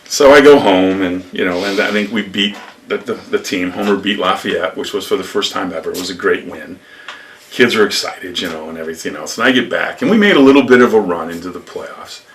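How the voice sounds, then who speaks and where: Older man, low voice, bright tone, rambling storyteller, distant mic. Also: fairly quick, a little hiss or hum. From upstate New York. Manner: rambling, animated anecdotes with acted quotes. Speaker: retired lacrosse coach, interviewee. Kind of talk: storytelling interview.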